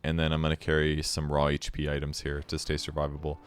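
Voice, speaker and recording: A man giving casual replay commentary on his own game, relaxed and self-critical as he explains his choices. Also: a bass voice, quick pace, smooth, no echo.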